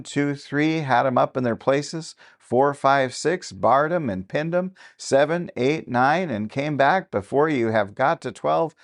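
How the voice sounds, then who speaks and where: A man narrating a classic novel as an audiobook, with steady, even-paced storytelling. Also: medium pitch.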